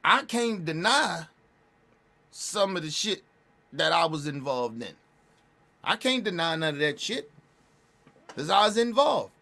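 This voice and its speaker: A man talking casually and bluntly, repeating and restarting his phrases, with emphatic jumps in pitch and loudness. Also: very animated, a little slow, gravelly, long pauses. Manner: blunt, repetitive, restarts phrases, profane slang. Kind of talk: casual street talk commentary.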